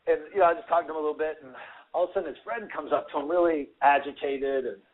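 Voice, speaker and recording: A man, a former fighter and radio guest, telling animated stories full of fillers and acted-out quotes. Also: fairly high pitch, rapid-fire. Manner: animated storyteller, acts out quotes, many fillers. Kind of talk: casual storytelling on a radio show. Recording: tinny phone line with faint hiss.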